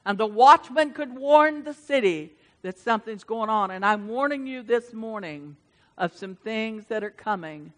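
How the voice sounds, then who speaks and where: A woman preacher giving a fervent sermon, calling out to the congregation and swinging from shouts to hushed asides. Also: a little high, animated, unhurried. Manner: addresses the congregation directly.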